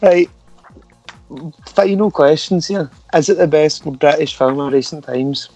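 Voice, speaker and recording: A young Scottish man hosts a loose, jokey chat, his voice sitting a little high for a man. He teases the others, laughs easily and swears without a second thought. Soft music plays behind him. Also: a little slow. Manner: teasing, laughs often, swears freely. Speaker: podcast host. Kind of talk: casual banter.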